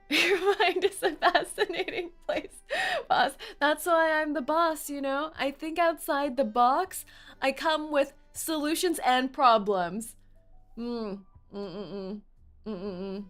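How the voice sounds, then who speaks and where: A woman streaming a game, reacting excitedly with gasps, yells and jokes. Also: sits high, slow, soft background music. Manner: excitable, gasping, yelling, jokey. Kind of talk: casual let's-play commentary.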